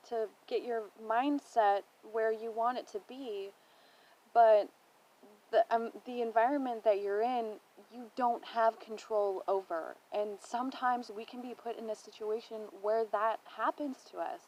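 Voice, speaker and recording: A woman's voice: fairly high pitch, steady tone, unhurried, a little mellow, muffled recording. A young woman talking to camera from home, thinking aloud and offering encouragement in a reflective personal vlog. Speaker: vlogger. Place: home indoors.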